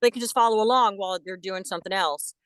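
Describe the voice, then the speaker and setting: Animated woman telling stories. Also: mid-range voice, fast talker. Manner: lively, animated storytelling. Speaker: guest actress. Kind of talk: casual interview chat.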